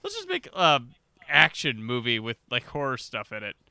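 Man, casual movie commentary, eager, bright tone, dry close sound. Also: medium pitch, huge pitch swings, normal speed, vocal fry, smooth, no room sound. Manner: enthusiastic, many fillers like "like". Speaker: podcast co-host.

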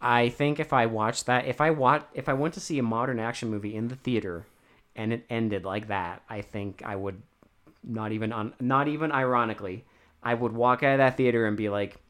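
A young man trading jokes on a casual movie podcast. His voice sits at an ordinary pitch for a man. He sounds relaxed and joking, with the odd swear. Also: fairly quick. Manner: laid-back, jokey, swears. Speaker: podcast co-host. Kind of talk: casual movie review chat.

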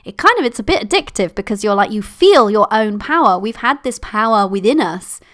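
A woman hosting her own podcast, bubbly and playful, going sing-songy when she gets excited. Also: medium pitch, fairly quick. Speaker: podcast host and success coach. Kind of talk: solo podcast talk.

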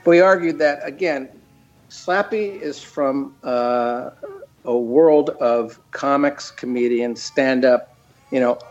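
A man's voice: medium pitch, slow pace, muffled recording, faint music behind. A man chatting as an interview guest, rambling with lots of restarts. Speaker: guest, cartoon creator. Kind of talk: casual interview chat.

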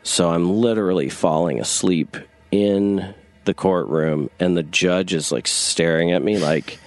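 A young man from North Carolina tells a long personal story in a loose, rambling way. His voice sits very low and relaxed, and he keeps slipping in "like" while acting out the lines of the people in the tale. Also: measured pace. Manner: rambling, frequent "like", acts out quoted voices. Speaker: guest storyteller. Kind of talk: casual storytelling.

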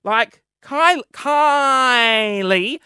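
A man hosting his own podcast in casual solo chat, rambling and self-mocking with quick asides and audible sniffing between phrases. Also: extremely high pitch, expressive, bright, forceful tone, clear, resonant tone, dry recording, clean studio sound. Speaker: podcast host.

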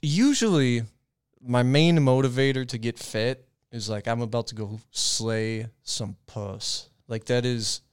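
A man's voice: medium pitch, unhurried, clear, resonant tone. A young man co-hosting a podcast, talking in a loose, profane, rambling way with lots of restarts. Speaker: podcast co-host. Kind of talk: casual podcast chat.

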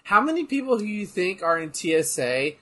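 A man in casual chat, jokey and animated, laughing often between lines. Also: high voice, a little fast.

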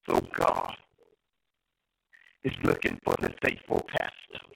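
A man's voice: takes it slowly, a bit bright, low-quality recording. A man preaching a prophetic sermon with rhythmic repeated phrases, breaking his lines with "uh" and "hallelujah".

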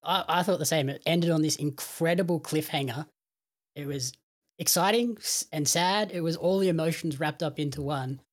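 A man speaking as a guest on a podcast, chatting in a measured, agreeable way. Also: on the high side. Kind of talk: casual podcast chat.

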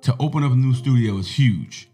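A man hosting a casual podcast, joking and hyping the show, swinging between easygoing talk and loud bursts. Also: medium pitch, a little fast, husky, soft background music. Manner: hypes and joking, shifts from laid-back to loud. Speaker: podcast host.

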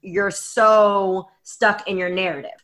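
A woman's voice: medium pitch, steady tone, slow pace, a bit bright. A woman co-hosting a podcast in casual chat, blunt and emphatic, swearing now and then. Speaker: podcast co-host.

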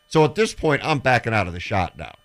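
A man's voice: medium pitch, a little fast. A man on a sports talk show, telling stories and acting out the voices of the people in them. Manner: animated storyteller who acts out quotes. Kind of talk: casual radio show chat.

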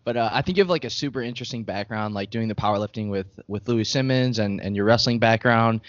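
A man's voice: lowish voice, fast talker, no echo. A man co-hosting a podcast interview, asking his question in a casual, easygoing way. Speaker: podcast co-host. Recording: dry, dull lo-fi sound.

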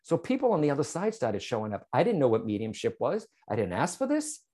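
A man's voice: mid-range voice, fast talker, husky. A man, a psychic medium, telling his story to an interviewer and often checking in with "right?" and "okay?". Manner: animated, speaks straight to the host, frequent "right?" and "okay?".

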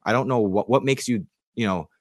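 A man's voice: lowish voice, a little fast, no room sound, clean studio sound. A man co-hosting a sports talk show, arguing his point in a casual, incredulous way with plenty of fillers. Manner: conversational, incredulous, many fillers. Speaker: sports radio co-host.

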